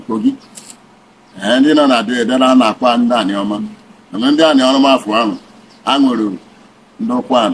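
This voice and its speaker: A vlogger with a Nigerian accent and medium-pitched voice speaks straight to camera, blending Pidgin with English. He shares his opinions in a preachy way, full of rhetorical questions, on a rough recording with slight background noise.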